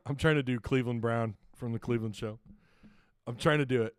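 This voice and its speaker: A man's voice: medium pitch, fairly quick, no echo, clean studio sound. A man hosting a casual sports talk livestream, rambling and chuckling often, reading viewer comments and sponsor plugs. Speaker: sports talk show host.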